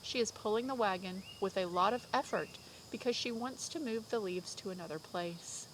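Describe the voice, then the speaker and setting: Upbeat kindergarten teacher. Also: female voice, mid-range voice, a little hiss or hum. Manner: slow, clear, sing-song teacher talk with drawn-out words. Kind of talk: remote vocabulary lesson for young children. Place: at home.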